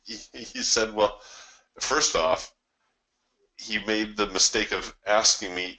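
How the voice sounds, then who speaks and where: A man's voice: fairly low pitch, fairly even intonation, slow pace, pauses often, pushed and bright, poor audio. A man coaching live trading, talking through his trades in a folksy way with chuckling asides.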